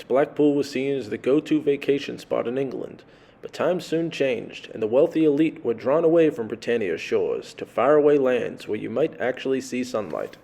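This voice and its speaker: A man's voice: mid-range voice, mellow. A man reading a scripted travel story in a dry, sardonic way. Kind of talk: scripted narration.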